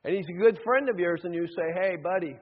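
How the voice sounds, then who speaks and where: A man preaching a sermon as pastor, acting out voices in his stories and swinging between loud calls and hushed asides. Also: high voice, fast. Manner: acts out voices in stories, shifts between shouting and hushed tones. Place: church sanctuary. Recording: dull sound, long hall reverb.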